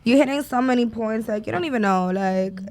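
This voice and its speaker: Woman, podcast host, slightly high voice, emotional, hesitant. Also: brisk, a little mellow. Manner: emotional, hesitant, filler-heavy talk. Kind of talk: casual podcast conversation.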